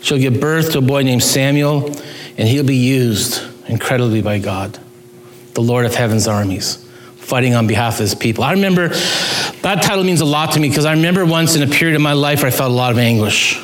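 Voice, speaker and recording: A man's voice: mid-range voice, brisk, a little hiss or hum. Emphatic male pastor in an echoey hall. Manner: earnest, emphatic preaching with sudden rises and drops. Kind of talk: sermon.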